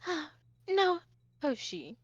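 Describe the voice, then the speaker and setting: A woman voicing a weary, exasperated female gatekeeper who talks low and sighs. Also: slow pace, no echo, lo-fi sound, heavily acted. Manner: sighing, low and flat. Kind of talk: tabletop role-play voicing.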